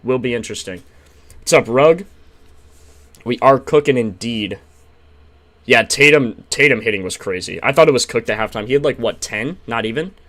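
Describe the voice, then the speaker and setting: Young male streamer, mid-pitched, slangy and hyped, trails off into mumbled fillers between bursts. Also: normal speed, long pauses. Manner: excitable, slangy, reads chat and shouts out subscribers. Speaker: sports betting streamer. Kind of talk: casual live-stream chat.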